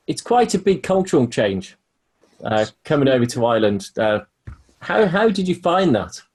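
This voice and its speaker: A man's voice: mid-range voice, very animated, moderate pace, a little mellow, slightly rough. A man from the UK hosting an interview, asking friendly, teasing questions. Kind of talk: casual interview.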